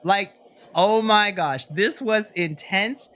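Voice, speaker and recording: A young man co-hosting a wrestling podcast, recapping a show as an excitable storyteller who swears and acts out reactions. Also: high voice, takes it slowly. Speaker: podcast co-host.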